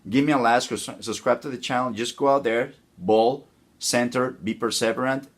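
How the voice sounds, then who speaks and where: A man's voice: medium pitch, moderate pace. A man gives a tennis coaching talk straight to his viewers, full of energy. He often trips over his words and starts phrases again. He keeps calling the audience guys. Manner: energetic, repeats and restarts phrases.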